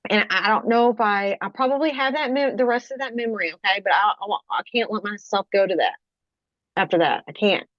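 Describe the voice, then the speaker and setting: Woman guest, mid-pitched, halting testimony with constant restarts and check-ins, dry slightly dull recording. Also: fairly bright tone, dry recording. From Kentucky, USA. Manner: halting, frequent restarts, keeps checking with "okay?". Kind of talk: personal testimony in interview.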